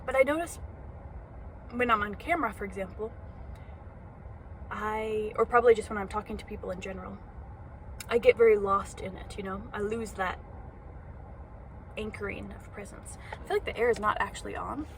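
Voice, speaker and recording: A woman's voice: medium pitch, moderate pace, pauses often, slight background noise. A young woman vlogging from inside a parked car, rambling and self-conscious with lots of fillers, talking into her phone. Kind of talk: casual vlog monologue.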